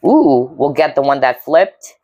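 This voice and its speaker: A woman's voice: a bass voice, expressive, measured pace, mellow, no echo, lo-fi sound. A woman giving a pick-a-card tarot reading, talking earnestly and empathically to her viewers and often checking in with "okay?". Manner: earnest, intuitive, frequent "okay?" check-ins; emotionally moved, empathic. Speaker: tarot reader.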